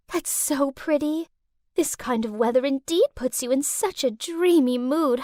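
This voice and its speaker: A young woman giving scripted first-person narration of an animated story in a wide-eyed, lively way. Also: sits high, measured pace, no room sound, clean studio sound.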